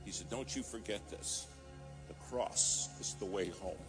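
A man's voice: on the low side, a little slow. A man preaching a sermon, telling a story and rising to fervent emphasis. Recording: music playing behind.

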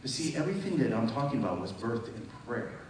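A man preaching a testimony sermon to a congregation. He tells his story vividly, acting out phone calls, and rises to loud, emphatic peaks. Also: mid-range voice, big pitch swings, fast talker. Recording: distant echoey hall with noise.

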